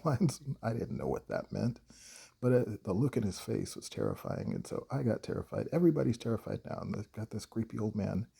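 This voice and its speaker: A man, a horror writer, telling a personal story in a halting, hesitant way with many pauses. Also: on the low side, gravelly, dark tone, husky.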